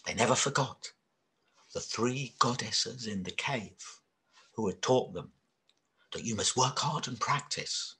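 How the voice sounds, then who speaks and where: A man telling a children's story, very expressive and dramatic, dropping to whispers and rising to cries. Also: mid-range voice, unhurried.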